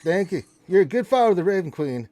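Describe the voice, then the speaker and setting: A man's voice: high voice, sing-song, quick pace, mellow. Man doing a brash cracker-hungry raven. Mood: cheeky. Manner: brash, cheeky, bossy. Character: crude wisecracking male raven, cracker-greedy. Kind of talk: tabletop role-play voicing.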